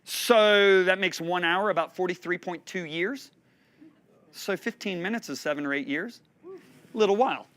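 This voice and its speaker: A man in his fifties preaching a sermon, telling stories with animated delivery and frequent laughter. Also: high voice, moderate pace. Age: 50s. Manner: animated storytelling, laughing between points.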